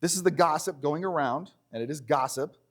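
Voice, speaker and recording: A man with a fairly high voice preaches a conversational sermon in a church, animated and cracking jokes, and he slows down whenever he reads scripture.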